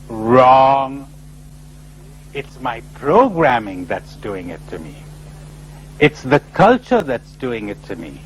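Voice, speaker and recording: A man giving a spiritual talk to a live audience, animated and full of rhetorical questions, often acting out other people's replies. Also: mid-range voice, slow, long pauses, a little hiss or hum, rough recording. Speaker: spiritual speaker. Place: lecture before a live audience.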